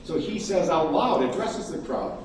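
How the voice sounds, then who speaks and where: A man giving a conference keynote, animated and emphatic, acting out quotes from crowds. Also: fairly high pitch, normal speed, noisy background. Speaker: keynote speaker. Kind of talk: conference talk. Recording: echoey hall from far off, faint ambience.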